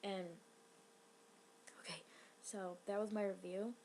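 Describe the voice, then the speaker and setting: Woman, casual vlog review, flat and even pitch, rambling and emotional, faint background hiss. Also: takes it slowly, poor audio. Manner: rambling, excitable and emotional, with lots of "like" fillers. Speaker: TV episode reviewer.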